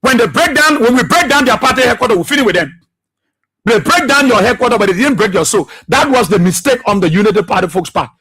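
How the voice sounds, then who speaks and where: A man's voice: extremely high pitch, expressive, fast, bright, forceful tone, husky. A man hosting a political radio talk show, impassioned and repetitive, firing rhetorical questions and laughing often.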